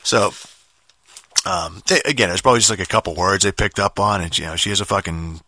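A man's voice: low voice, a little fast, sharp tone, no room sound, studio quality. A man from Boston with a mumbly, slightly slurred voice, telling a long profane story in a rambling casual way, full of restarts and repeated words.

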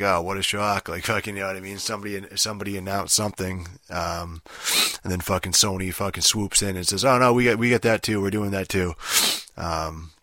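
Male podcast host, low monotone, forceful edge, profane rambling rant. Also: no echo, clean studio sound. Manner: profane, rambling, full of fillers. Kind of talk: casual solo podcast rant.

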